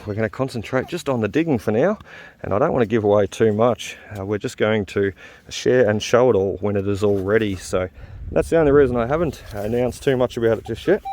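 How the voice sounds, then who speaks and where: Chatty man, low voice. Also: darkish tone. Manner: chatty, laughs easily, many uh fillers. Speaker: detecting channel host. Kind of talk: casual outdoor vlog narration. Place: outdoors in a field.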